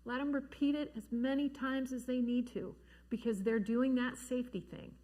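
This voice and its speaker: A woman giving an earnest, gentle talk to parents about grief at a church forum, slowing down to stress key words. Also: high voice, fairly even intonation. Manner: gentle, earnest, slows down for emphasis. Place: church hall.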